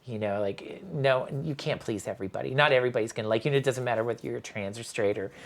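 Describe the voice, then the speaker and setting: A woman's voice: very deep voice, fast. A woman guest on a podcast talking in a rambling, casual way. She fills her speech with "you know" and "like", and acts out the voices in her stories. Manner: acts out quoted voices while telling stories. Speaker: podcast guest, spirits brand co-owner. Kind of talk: casual interview chat.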